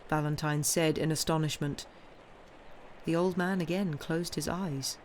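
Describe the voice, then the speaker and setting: A woman narrating a classic novel live in a slow, measured reading voice. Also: low-pitched, steady tone, a little hiss or hum. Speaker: audiobook reader. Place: home streaming setup.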